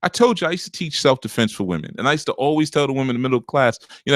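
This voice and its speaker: A man with a deep, rough, gravelly voice and a slight scratchiness up top, giving relationship advice as a spiritual teacher in a blunt, punchy, unscripted monologue. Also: expressive, racing, dry recording, clean studio sound. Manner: punchy, forceful, lecturing.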